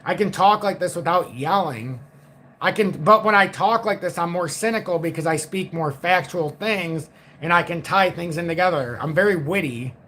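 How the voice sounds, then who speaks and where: Blunt, profane high-voiced man ranting. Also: normal speed, bright, forceful tone, slight background noise. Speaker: crypto market livestream host. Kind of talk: casual livestream rant.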